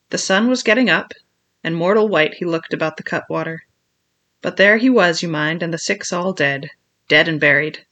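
A reader voicing a wild, shrewd old marooned sailor man who speaks in a slow seafaring dialect in an audiobook. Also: medium pitch, sharp tone. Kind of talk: audiobook character voice.

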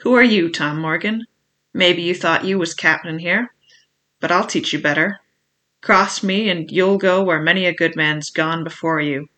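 An audiobook reader with a mid-range, normal-speed voice that has a sharp tone yet stays close to an everyday voice plays a scheming old male pirate cook, blustering and roaring commands in sailor's slang.

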